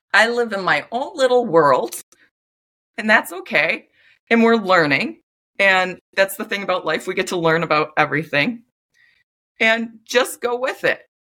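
A woman's voice: mid-range voice, bright, forceful tone. A young woman talking candidly to camera in a casual self-help monologue, chatty, full of "like" and swearing freely. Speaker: vlogger.

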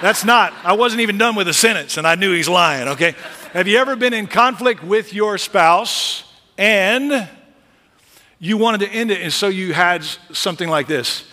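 A man preaching a sermon as pastor in a large church, lively and conversational with humorous asides. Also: sits high, moderate pace. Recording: long reverb of a large hall.

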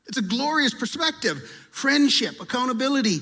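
High-voiced male pastor in a reverberant hall. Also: moderate pace, a bit bright. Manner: conversational preaching, acts out prayers and confessions. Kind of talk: sermon.

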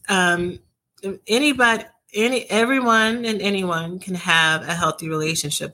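A woman speaking as a guest expert, explaining relationship patterns in a measured, patient, reassuring way. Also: low voice, pushed and bright. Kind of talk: calm explanatory advice in conversation.

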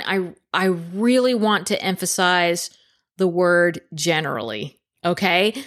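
A woman hosts her podcast alone in a loose, chatty way. Her voice sits at a middle pitch. She laughs easily and keeps checking in with the listener. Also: a bit bright. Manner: chatty, laughs often, says "okay?" a lot. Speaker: podcast host. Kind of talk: casual solo podcast talk.

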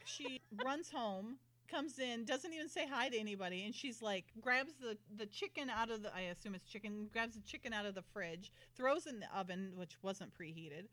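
A woman co-hosting a podcast, recapping a TV episode in casual chat, acting out characters' lines in high voices and laughing often. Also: animated, normal speed, few pauses, a bit bright, no echo. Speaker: podcast co-host.

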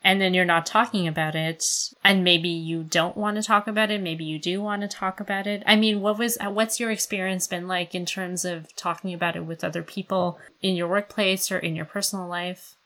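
A woman's voice: lowish voice, steady tone, fairly quick, few pauses, sharp tone. A woman hosting a podcast who talks casually and asks careful, curious questions. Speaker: podcast host. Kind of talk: casual conversation.

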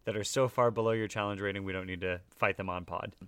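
A man's voice: on the low side, fairly even intonation, quick pace, fairly bright tone, clean tone, no room sound. A man narrating as game master of a tabletop game in a casual, laughing way, with lots of fillers.

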